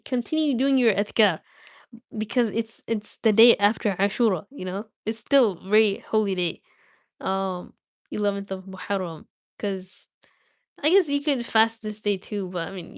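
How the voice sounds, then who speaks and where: A woman's voice: medium pitch, no echo, clean studio sound. Young woman reading aloud on a live stream. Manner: reads with small slips and restarts, chats casually with viewers.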